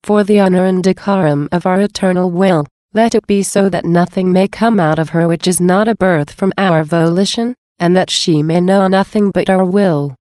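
A woman reading the words of a gentle, solemn male divine figure, tender and earnest. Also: fairly low pitch, moderate pace, few pauses, no echo, clean studio sound, close to an everyday voice. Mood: pleading.

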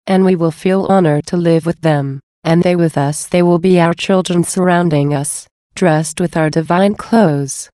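A woman reading as a gentle divine man. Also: fairly low pitch, no room sound, studio quality, close to an everyday voice. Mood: solemn. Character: gentle, loving divine male speaker. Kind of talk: devotional reading.

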